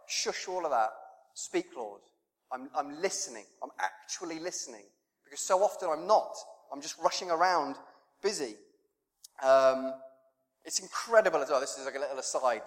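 A man's voice: fairly high pitch, fairly bright tone. A male pastor preaching a sermon in a conversational, self-deprecating way, acting out prayers and children's chatter. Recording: long reverb in a church hall.

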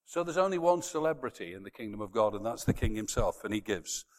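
A man preaching a sermon to a congregation, swinging from quiet, close talk to loud shouted emphasis. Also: lowish voice, expressive, fast, in a large hall.

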